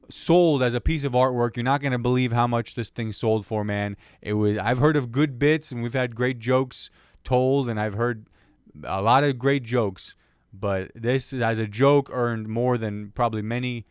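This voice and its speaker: A man's voice: medium pitch, clean tone, no echo, clean studio sound. A young man hosting his own podcast, chatting in a rambling, jokey way about the week's news and his sports teams. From Indiana. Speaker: podcast host. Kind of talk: casual solo commentary.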